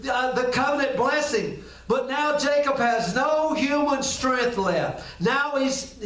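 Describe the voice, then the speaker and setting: A man's voice: extremely high pitch, a bit bright. A pastor preaching a sermon with passion who acts out the scripture scenes as he goes. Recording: echoey room, distant mic.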